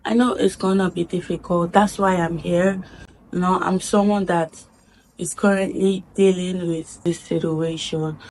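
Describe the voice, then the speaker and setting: Slow, earnest woman vlogger. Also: fairly low pitch, steady tone, a little mellow, a little hiss or hum. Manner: earnest, reflective, repeats phrases for emphasis. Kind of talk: heartfelt personal vlog.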